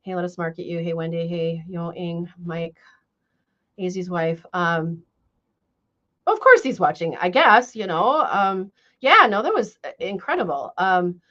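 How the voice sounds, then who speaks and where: A woman's voice: lowish voice, lively intonation, measured pace, pushed and bright. A woman hosting a live stream, chatting casually and hesitantly with many fillers. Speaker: livestream host. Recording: muffled lo-fi stream audio.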